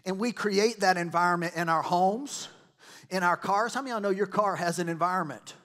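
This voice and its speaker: A male pastor preaches a sermon in a church. His voice sits a little high for a man. He talks to the congregation like he is chatting with them, breaks into side stories and plays out what people said. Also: a little fast, a bit bright. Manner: conversational preaching with asides and quoted voices.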